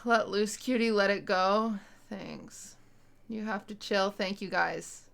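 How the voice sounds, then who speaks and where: A woman's voice: medium pitch, slow, vocal fry, a bit bright, smooth. A woman livestreamer chatting with her audience from home at night, blunt and exasperated, swearing freely. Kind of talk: casual chat to a stream audience. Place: home at night, roommates nearby.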